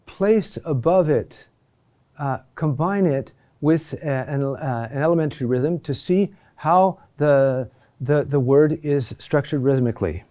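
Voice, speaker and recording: A man teaching a recorded lesson on Latin chant, explaining patiently and often checking in with a quick "huh?". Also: on the high side, warm tone.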